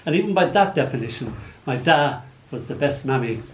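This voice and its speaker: Animated older Irish poet, roomy hall. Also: male voice, medium pitch, a little fast. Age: 60s. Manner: playful storytelling, animated comic asides. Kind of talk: poetry reading with anecdotes. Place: arts venue hall before a live audience. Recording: roomy hall, faint background noise.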